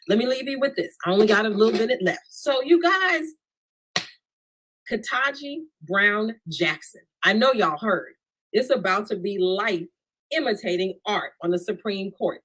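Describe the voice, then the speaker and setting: A woman comedian performs stand-up from home over a video call. Her delivery is animated and direct, addressing the crowd casually, at an average pitch. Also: normal speed, husky, rough recording. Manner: animated, talks straight to the crowd with "y'all". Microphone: remote video call.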